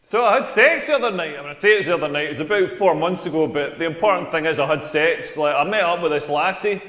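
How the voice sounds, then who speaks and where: A high-pitched Scottish man in his forties works a comedy club crowd with wry, self-mocking banter, laughing through his lines. The sound is echoey, carried through a live venue with a long reverb tail. He talks in a loose, conversational way. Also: lively intonation, fast, a bit bright. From rural Scotland. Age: 40s. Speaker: stand-up comedian. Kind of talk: stand-up comedy set.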